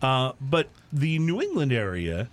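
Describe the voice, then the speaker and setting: Male co-host, easygoing chatter, ordinary mid pitch, loose and unscripted. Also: unhurried. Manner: relaxed, rambling with many fillers. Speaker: podcast co-host. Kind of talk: casual chat.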